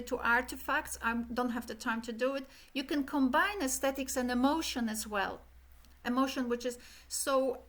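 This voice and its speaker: A middle-aged woman giving an animated academic keynote lecture, illustrating speech rhythm with sung syllables. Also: high-pitched. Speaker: keynote speaker.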